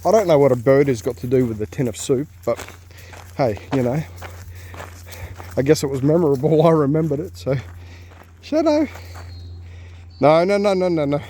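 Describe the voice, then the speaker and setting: Out on a nature walk with his dog, a man with an Australian accent rambles chattily, full of fillers and asides. His medium-pitched, dark voice runs a little fast but breaks into long pauses, over a faint hiss or hum.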